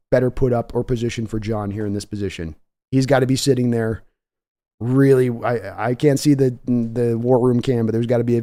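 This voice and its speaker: An excitable, chatty man hosts a live draft stream, thinking out loud and thanking viewers as he goes. His voice is dark and mellow, sitting at an ordinary middle pitch. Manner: excitable, chatty, reads donations aloud. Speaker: livestream draft host.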